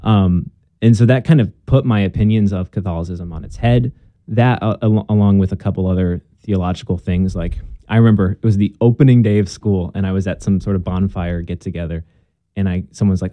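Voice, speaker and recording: A man's voice: low-pitched, brisk, dark tone, dry recording. A young man, a guest in a conversation, telling his story in an earnest, casual way and acting out bits of past dialogue.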